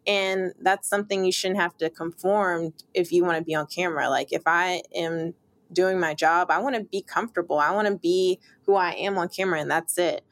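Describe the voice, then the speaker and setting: A woman's voice: lowish voice, fairly even intonation. Upbeat, emphatic young woman reporter. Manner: upbeat, emphatic, quick bursts with laughs. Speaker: sports reporter guest. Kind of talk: interview.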